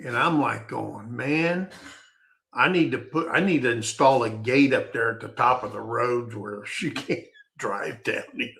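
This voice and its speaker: A man's voice: mid-range voice, unhurried, creaky, a bit bright. A man telling a personal story in a casual, rambling, folksy way, often stopping to restart his sentences.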